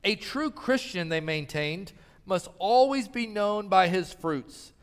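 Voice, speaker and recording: A man in his thirties preaching a sermon in a large church hall, swinging from loud appeals to soft pleading. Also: high-pitched. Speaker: pastor. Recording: long hall reverb.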